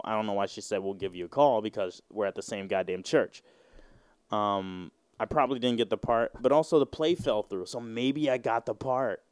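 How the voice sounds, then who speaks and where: A man's voice: fairly low pitch, a little mellow, clean tone, dry recording. A man in his twenties hosting a solo podcast, rambling and joking with plenty of profanity. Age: 20s. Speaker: podcast host. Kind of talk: casual solo podcast rant.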